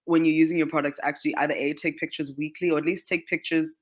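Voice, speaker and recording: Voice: mid-range voice, little pitch movement, fast. Chatty radio guest. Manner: chatty, lots of "like" fillers, laughs often. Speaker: guest, skincare brand marketing manager. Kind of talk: radio interview answers. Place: radio studio.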